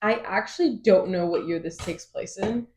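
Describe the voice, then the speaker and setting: A woman co-hosting a book podcast, musing at length in a relaxed, amused way. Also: medium pitch, moderate pace, a little hiss or hum. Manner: rambling, amused, thoughtful. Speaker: podcast co-host. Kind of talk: casual book chat.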